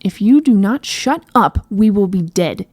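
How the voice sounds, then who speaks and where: A woman voicing a stern, focused male knight who speaks in terse, urgent hushes. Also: mid-range voice, lively intonation, takes it slowly, no echo, studio quality. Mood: annoyed.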